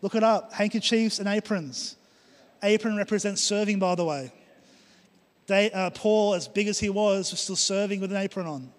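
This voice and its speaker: A high-pitched middle-aged man preaches at a moderate pace, repeating phrases for emphasis. He is a pastor speaking in a church hall, captured with long hall reverb.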